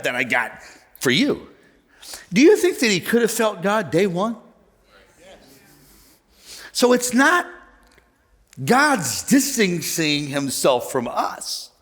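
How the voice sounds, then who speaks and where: A male pastor preaching a sermon to his church, animated, joking and conversational. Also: sits high. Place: church auditorium.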